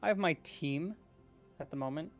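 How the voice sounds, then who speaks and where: A player doing a cocky young apprentice hunter in a tabletop game, brushing off danger. The voice jumps well above the player's usual pitch and stays eager, with faint music underneath. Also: moderate pace, natural voice. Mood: confident.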